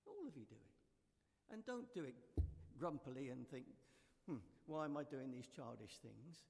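A man preaching a gentle, conversational sermon in a church, leading the congregation to join in. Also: mid-range voice, big pitch swings, measured pace, vocal fry. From United Kingdom. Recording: reverberant church hall.

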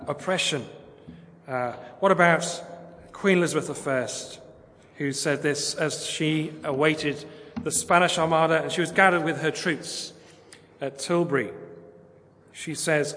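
A man's voice: on the high side, pushed and bright. A man with an English accent preaching a sermon in church, chatty and hesitant with fillers, then declaiming the quotes he reads. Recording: long church reverb.

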